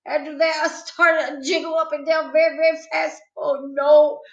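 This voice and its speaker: A woman with a high voice reads a children's book aloud, telling it playfully from a child's point of view. The recording is a little dull, in a room with a noticeable echo. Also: flat delivery, fairly quick, gravelly. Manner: playful, first-person child's storytelling. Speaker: storytime reader. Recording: echoey room, slightly dull sound.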